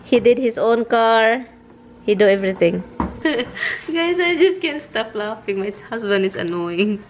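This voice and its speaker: Filipino-accented woman, vlogger, giggly, fairly high voice, faint background hiss. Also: animated, unhurried. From Philippines. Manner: giggly, laughs often while telling stories. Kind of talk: casual vlog chat.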